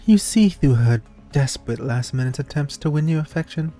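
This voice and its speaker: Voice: medium pitch, expressive, a little fast, dark tone, faint music behind. A streamer reading a game's narration aloud, playful, with laughing asides.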